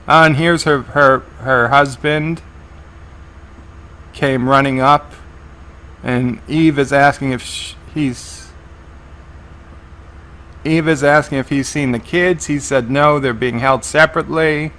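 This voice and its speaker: Man, live episode reaction, bright forceful tone, describes the action as it happens, frequent restarts. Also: medium pitch, steady tone, takes it slowly, pauses often. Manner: narrates scenes as they play, with frequent restarts. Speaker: TV episode reviewer.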